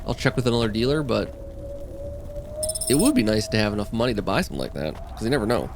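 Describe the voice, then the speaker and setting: A man's voice: on the low side, very animated, quick pace. Man musing over a game playthrough. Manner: rambling, musing aloud. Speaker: gameplay host. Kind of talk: casual let's-play commentary. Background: game music.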